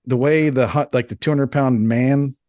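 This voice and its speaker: A man in his thirties co-hosting a podcast, telling crude, rambling, animated stories in casual banter. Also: mid-range voice, moderate pace, no room sound, clean studio sound. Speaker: podcast co-host.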